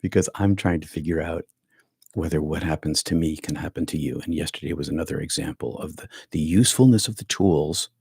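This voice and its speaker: A man's voice: very deep voice, a little fast, vocal fry, a little mellow, slightly rough, dry recording. A male meditation teacher leading an online breathwork session over a video call, rambling and correcting himself as he goes.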